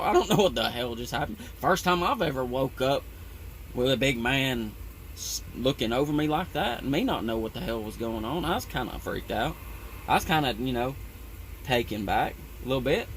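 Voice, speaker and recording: A man's voice: medium pitch, very animated, normal speed, a bit bright, slight background noise. A man who works on a tree-trimming crew, telling a story in a rambling, profane way with lots of "you know". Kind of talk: casual storytelling.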